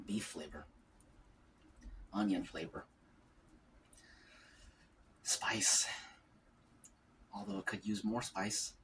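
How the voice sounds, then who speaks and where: Low-voiced man rambling at a distant mic. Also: drawn-out words, pauses often, fairly bright tone. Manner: rambling, musing aloud between bites. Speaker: mukbang vlogger. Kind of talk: casual mukbang chat. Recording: distant mic with faint ambient noise.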